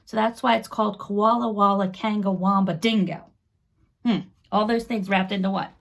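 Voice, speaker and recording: A woman's voice: medium pitch, fairly even intonation, normal speed, gravelly. A middle-aged woman reading a children's book aloud, chatting about the pictures and explaining the story as she goes. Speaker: read-aloud narrator for children.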